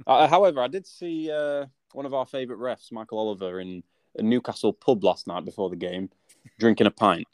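A man's voice: mid-range voice, fairly quick, darkish tone, no room sound. A man co-hosting a casual chat, telling a grumbling story with lots of restarts. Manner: rambling, stammers, grumbling. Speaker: podcast co-host.

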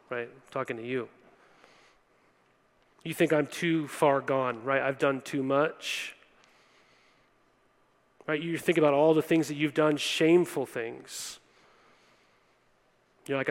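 A man's voice: mid-range voice, steady tone, takes it slowly, pauses often. A young man preaching a sermon earnestly, addressing listeners directly and often checking in with "right?". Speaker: pastor. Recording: long hall reverb.

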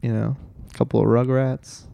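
A man's voice: mid-range voice, level tone, normal speed, vocal fry, mellow, clean tone. A man co-hosting a podcast, bantering crudely and acting out quotes in mock voices. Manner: acts out quotes in mock voices, laughs often. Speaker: podcast co-host.

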